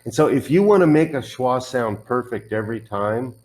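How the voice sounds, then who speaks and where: A man's voice: medium pitch, expressive, normal speed, a little mellow, rough recording. A man teaching English pronunciation one on one, patiently modelling words and correcting the learner's drills.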